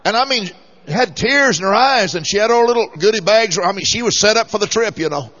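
A man's voice: high voice, animated, brisk, fairly bright tone. Folksy man preaching, muffled lo-fi sound. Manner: folksy storytelling, rising to fervent exhortation. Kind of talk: sermon storytelling. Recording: muffled lo-fi recording.

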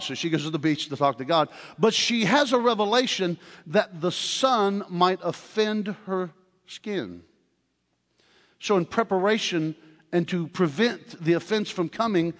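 An older man preaching a sermon in a church, telling stories with animated humor. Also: high-pitched. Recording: long hall reverb.

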